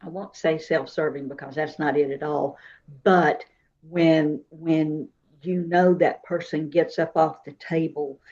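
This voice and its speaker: A woman, a psychic and Reiki practitioner, talking in an unhurried, soft-spoken way as an interview guest. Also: low-pitched, steady tone, muffled recording. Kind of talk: casual interview talk.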